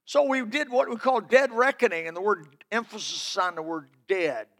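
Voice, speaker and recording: A man's voice: high-pitched, expressive, moderate pace, a bit bright. A man preaching a sermon, telling folksy personal stories in an emphatic, building delivery.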